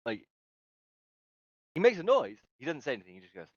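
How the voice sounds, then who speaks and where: A man's voice: a little high, wildly swooping pitch, a little fast, no room sound, muffled recording. A man narrating a tabletop game as game master, rambling and hesitant, with many fillers and laughs.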